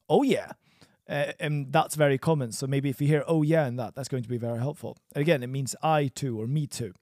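A man's voice: mid-range voice, fairly even intonation, quick pace, a little mellow, no echo, clean studio sound. A man teaching a language lesson in a casual, upbeat way with chatty joking asides.

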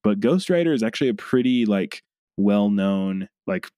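A man co-hosting a podcast, chatting casually about a movie in an animated way. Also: lowish voice, moderate pace, dry recording, clean studio sound. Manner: animated, laughs often. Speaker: podcast co-host. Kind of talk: casual movie review chat.

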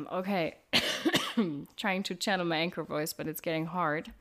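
Slow and expressive, this podcast co-host has a lowish, fairly bright voice. The young woman chats casually, leaning on lots of fillers and laughing frequently.

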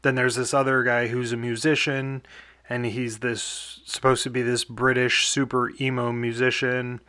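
A man's voice: medium pitch, flat delivery, moderate pace, pushed and bright, no room sound, studio quality. A young man hosting a casual podcast, rambling through a movie review with lots of fillers and small chuckles.

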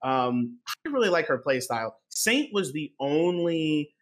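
Animated man in casual gaming chat. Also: fairly high pitch, unhurried. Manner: animated, laughs often, acts out quotes. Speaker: gaming podcast co-host.

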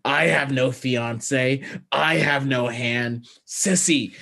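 A man voicing a bitter, brooding one-handed Italian-American baker in a slow, melodramatic deadpan. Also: mid-range voice, exaggerated voice.

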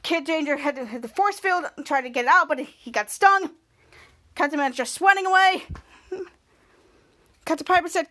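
Podcast host lady going over an episode scene by scene, super high voice, pops up louder for the quotes. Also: brisk, long pauses. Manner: choppy scene-by-scene retelling, acting out quoted lines louder and higher. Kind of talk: episode recap.

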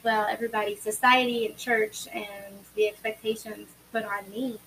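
A woman's voice: mid-range voice, little pitch movement, moderate pace, a bit bright, a little hiss or hum, rough recording. A woman co-hosting a podcast who speaks candidly and reflectively in casual chat. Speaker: podcast co-host.

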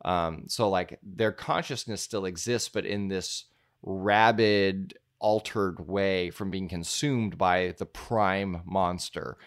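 A man's voice: deep voice, steady tone, takes it slowly, smooth. A man co-hosting a casual movie podcast, rambling playfully with many fillers. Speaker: podcast co-host.

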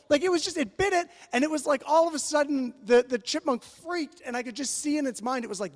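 A man with a high voice preaches to a congregation. He tells stories in an animated, playful way. His voice rings with a long reverb in a large church. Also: fast, hardly any pauses. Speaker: pastor. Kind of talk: storytelling sermon.

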